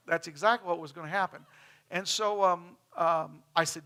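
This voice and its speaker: A man with a twang gives a casual sermon, walking his congregation through a slideshow with chatty asides. His voice is bright and a little raised in pitch, and he slips into the voices of the people in his stories. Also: moderate pace. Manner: chatty, storytelling, acts out quoted people. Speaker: pastor. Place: church.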